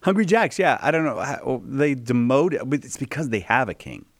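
A male radio call-in host chatting casually and teasing his guest, quick to laugh. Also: mid-range voice, sing-song, no room sound, clean studio sound.

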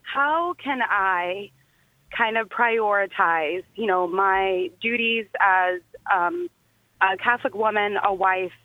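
A woman calling in to a radio show, emotional and halting as she talks about her worries. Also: mid-range voice, no room sound. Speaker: caller. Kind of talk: phone-in question. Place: phone call. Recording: tinny phone line.

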